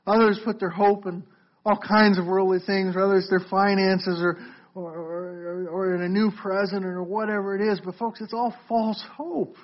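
Speaking at normal speed in a high voice with little pitch movement, a male pastor gives an earnest sermon. He calls his audience "folks" and frequently repeats words when restarting, captured on a muffled lo-fi recording.

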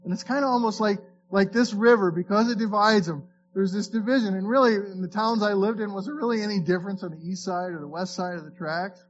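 With a quick pace and hardly any pauses, a Florida pastor with a fairly high voice preaches in a loose, conversational style, reading scripture and often restarting with repeated words. The lo-fi recording is slightly dull, a faint hum underneath.

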